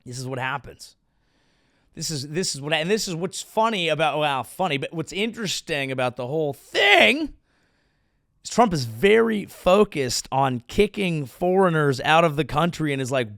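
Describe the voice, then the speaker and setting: A man's voice: on the high side, big pitch swings, moderate pace, a bit bright, no room sound, studio quality. Rambling profane male comedian host. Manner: rambling, profane, self-deprecating. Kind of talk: comedic monologue.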